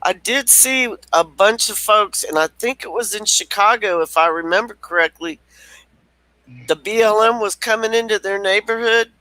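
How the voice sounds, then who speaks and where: A man's voice: high-pitched, moderate pace, sharp tone, dry recording, low-quality recording. Easygoing man with a dry, close sound. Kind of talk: casual group chat.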